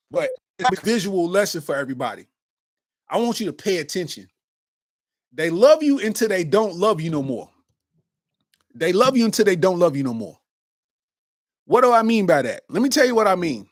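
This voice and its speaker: A man's voice: high voice, no echo. A man in his forties, a comedian hosting his own podcast, telling stories in a casual monologue full of street slang. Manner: animated storytelling with street slang.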